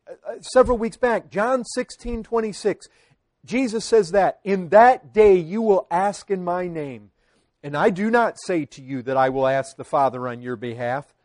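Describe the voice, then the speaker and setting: A man delivers a sermon in a measured, unhurried way, leaning into quoted prayers with earnest feeling. His voice sits high for a man. The sound is close and dry, with no room echo. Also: a little mellow. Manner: earnest preaching with dramatic pauses and quoted pleas. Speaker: pastor.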